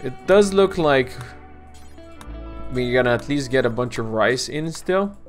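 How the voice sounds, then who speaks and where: Man, let's play commentary, slow easygoing delivery, grumbly asides, faint background music. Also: medium pitch, animated. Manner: talks to his colonists, grumbles and swears at setbacks. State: clearing his throat. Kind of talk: casual gameplay commentary.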